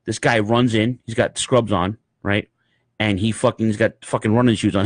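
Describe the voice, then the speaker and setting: Podcast co-host, male, cursing, animated storyteller, dry room. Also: fairly low pitch, moderate pace, no room sound. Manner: profane, animated storyteller, acts out voices. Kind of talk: casual podcast chat, storytelling.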